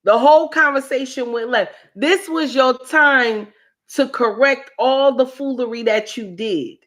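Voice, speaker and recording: Slow, preachy woman on a livestream. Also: high-pitched, a bit bright. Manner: preachy, repeats lines for emphasis. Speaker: livestream host. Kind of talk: casual commentary livestream.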